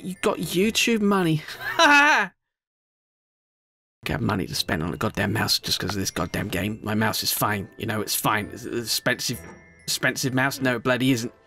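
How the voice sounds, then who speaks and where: A young man giving gameplay commentary as a YouTuber, muttering low rants, then swearing and shouting in bursts. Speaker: gaming YouTuber.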